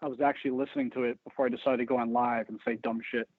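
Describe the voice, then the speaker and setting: A man's voice: medium pitch, level tone, rapid-fire, no echo. A man talking as a podcast guest in casual chat, intense and self-deprecating, swearing often. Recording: tinny phone-like line.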